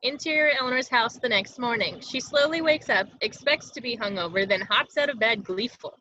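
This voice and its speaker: A woman reading stage directions in a plain, even way over a video call. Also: on the high side, fairly quick, muffled recording.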